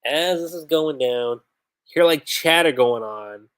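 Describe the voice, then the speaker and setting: A man casually reviewing a comic chapter on a livestream, animated and chatty, with many fillers. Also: on the high side, unhurried, smooth.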